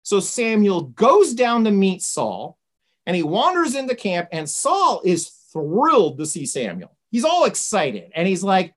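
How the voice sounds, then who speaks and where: A woman's voice: medium pitch, wildly swooping pitch, unhurried. A woman teaching a Bible study lesson in a conversational way, retelling the story with frequent asides.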